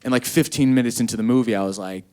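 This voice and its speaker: A man doing a stand-up comedy set on stage, telling stories animatedly and acting out quotes in high voices. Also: rapid-fire, a little mellow, clear, resonant tone. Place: comedy stage before a live audience.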